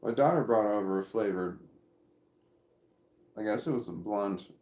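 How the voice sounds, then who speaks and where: A middle-aged man chatting casually on a livestream from home, reading viewers' comments aloud and rambling with halting restarts. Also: lowish voice, darkish tone, reverberant.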